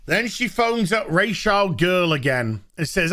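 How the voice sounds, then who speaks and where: A man's voice: high-pitched, sing-song, measured pace, sharp tone. A man giving a sarcastic, swearing recap of a TV episode he dislikes, scornful and casual. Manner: swears freely. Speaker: TV show reviewer.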